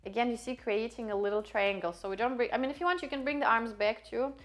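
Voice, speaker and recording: A woman's voice: on the high side, quick pace. Woman coaching poses. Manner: friendly, demonstrating poses, with frequent fillers and laughs. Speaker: pole posing instructor. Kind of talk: casual instructional video.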